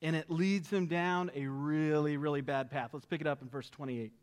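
High-voiced animated male pastor preaching. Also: normal speed, few pauses, clean tone. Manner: animated, rhetorical, keeps asking "right?". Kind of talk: sermon.

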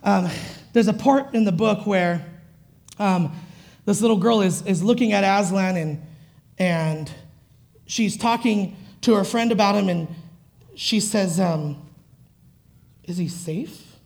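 A woman's voice: medium pitch, a little slow, vocal fry, long pauses, a little mellow. A woman preacher giving a sermon in a conversational, chuckling way and drawing the congregation in.

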